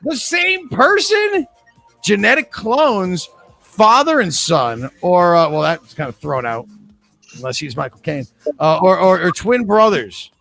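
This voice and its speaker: A man's voice: sits high, sing-song, unhurried, vocal fry, a bit bright, soft background music. A man hosting a live trivia game, reading questions and answer choices in a chatty, joking way. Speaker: trivia host.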